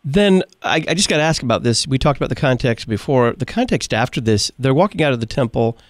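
A man's voice: medium pitch, lively intonation, fast talker, no room sound, studio quality. A man hosting a religious radio talk show, posing questions to a guest in a conversational way. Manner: conversational, thinking aloud in questions. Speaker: radio host.

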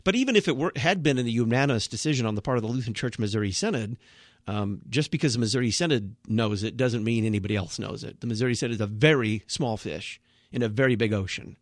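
A man's voice: medium pitch, fast talker, no echo, studio quality. A man, a Lutheran pastor, speaking as a guest on a radio talk show, earnest and emphatic with a blunt manner.

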